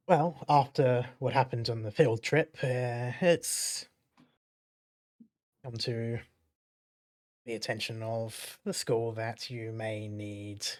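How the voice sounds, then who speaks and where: A man narrating a tabletop game as game master, in a loose, rambling way with many fillers. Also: mid-range voice.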